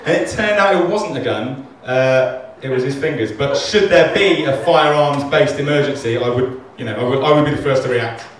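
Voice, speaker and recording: A male comic with a mid-range voice delivers a rambling, sweary, self-deprecating set on a comedy club stage at normal speed with few pauses. The audio, taken from far off in an echoey club, carries a little hiss or hum.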